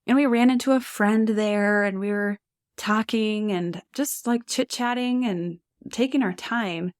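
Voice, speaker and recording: A woman's voice: mid-range voice, measured pace, clear, resonant tone, dry recording, studio quality. A woman in her thirties, a podcast guest, telling her birth stories in a casual, chatty way with frequent laughs and lots of "like" fillers. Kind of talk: casual storytelling.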